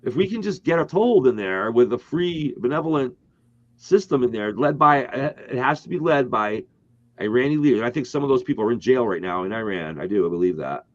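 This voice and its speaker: A man's voice: medium pitch, animated, fairly quick, dry recording. A man co-hosting a casual political talk stream, speaking emphatically and rambling with frequent restarts. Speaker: co-host. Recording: dull, dry lo-fi stream audio.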